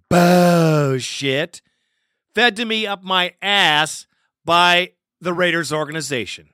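A man's voice: high voice, bright, forceful tone, clear, resonant tone, no room sound, clean studio sound. A man delivering a heated, profane sports rant as a fan and commentator.

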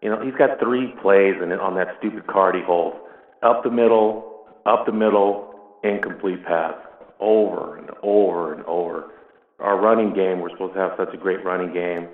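A man's voice: deep voice, steady tone, moderate pace. A man calling into a fan show, complaining in an exasperated rant. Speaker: caller. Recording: tinny phone line with echo.

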